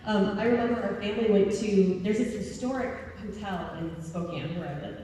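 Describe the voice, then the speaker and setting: A woman's voice: medium pitch, moderate pace, warm tone, slight background noise. A woman giving a humorous, self-deprecating talk to homeschool parents, often laughing as she speaks. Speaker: convention speaker. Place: large convention hall. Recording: echoey hall from far off.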